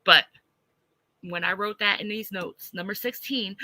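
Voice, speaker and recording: A woman's voice: mid-range voice, normal speed, bright, forceful tone, dry recording, low-quality recording. A woman ranting on a livestream, blunt and profane, stopping to answer chat. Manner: blunt and profane, heated, reads chat aloud. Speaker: livestreamer reacting to online drama.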